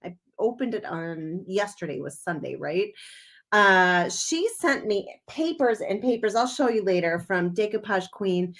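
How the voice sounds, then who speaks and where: A woman's voice: mid-range voice, lively intonation, measured pace, a bit bright. A woman from Wisconsin hosting a casual crafting livestream from home, chatting and giggling as she greets viewers by name.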